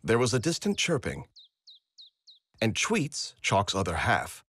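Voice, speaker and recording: Low-voiced man narrating a storybook. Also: huge pitch swings, a bit bright. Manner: measured, dramatic storytelling. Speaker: game host and narrator. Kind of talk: reading storybook narration aloud.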